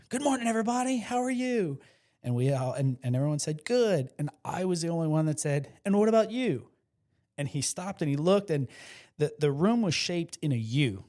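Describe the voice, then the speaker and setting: A man from South Louisiana, a podcast guest, telling stories in casual chat and acting out the voices he quotes. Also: on the high side. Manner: animated storyteller, acts out quotes; passionate, excitable.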